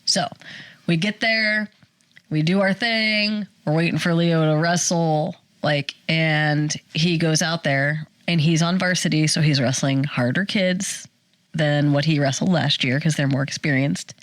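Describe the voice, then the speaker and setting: A woman in her forties, a podcast co-host telling a personal story in casual chat, animated and acting out the quotes. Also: low voice, no room sound. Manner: animated storyteller, acts out quotes, fast bursts.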